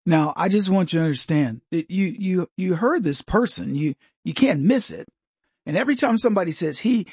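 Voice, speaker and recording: Husky guy hosting his talk show, dry sound, rambles and does little voices. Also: high-pitched, a little mellow, dry recording. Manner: rambling, mimics other voices in anecdotes. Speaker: show host. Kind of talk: opinionated commentary.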